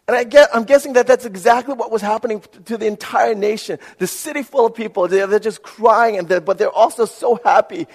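Gravelly man preaching in a reverberant hall. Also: high voice, brisk, hardly any pauses. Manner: earnest, animated storytelling with repeated "right?". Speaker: pastor. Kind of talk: sermon.

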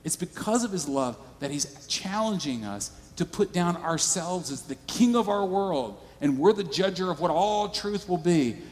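A man's voice: fairly high pitch, a little mellow, long reverb tail. A male pastor preaching a sermon in a church, conversational and storytelling.

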